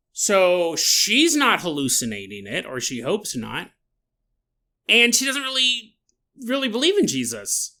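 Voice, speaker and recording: Hosting his podcast alone, a man tells a strange story in a jokey, animated way, laughing often. His voice is a little high and carries a sore throat.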